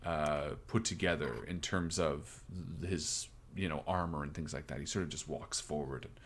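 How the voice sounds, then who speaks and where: A man with a very low voice runs a tabletop game, narrating in a loose, rambling way. He fills pauses with "like" and "uh" as he describes the scene. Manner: relaxed, rambling narration with fillers. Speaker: game master.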